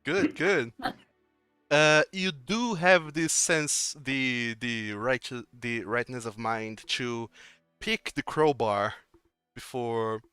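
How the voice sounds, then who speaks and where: Game master, man, bright smooth voice, casual filler-heavy narration of a tabletop session. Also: mid-range voice, slow pace, no echo, faint music behind.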